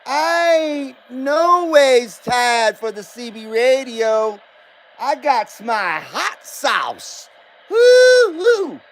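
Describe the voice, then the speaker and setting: Brief: a man putting on a hammy Southern good ol' boy, slow and high. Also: big pitch swings, full character voice. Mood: folksy, hammy. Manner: slow, hammed-up drawl with hollers. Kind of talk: livestream radio banter.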